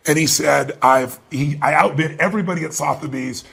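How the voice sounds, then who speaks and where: Answering an interview, a middle-aged motivational speaker tells animated stories and imitates the people he quotes. His voice sits a little high, brisk and gravelly with a breathy edge.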